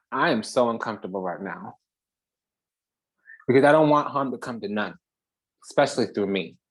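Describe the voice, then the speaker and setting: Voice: medium pitch, expressive, normal speed, gravelly, long pauses. Heated, profane spiritual reader. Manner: heated and profane, swinging between loud and hushed. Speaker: spiritual channel host. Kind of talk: spiritual reading monologue.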